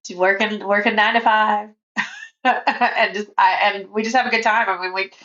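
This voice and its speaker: A woman's voice: mid-range voice, steady tone, normal speed, a bit bright, highs cut off. A woman in her forties, a podcast guest in casual interview chat who talks freely and laughs often.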